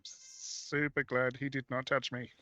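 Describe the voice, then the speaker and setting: A man's voice: mid-range voice, level tone, a little slow, bright, forceful tone, dry recording. Wry male tabletop player. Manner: wry, laughs at his own jokes. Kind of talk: casual tabletop play. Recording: dull lo-fi stream audio.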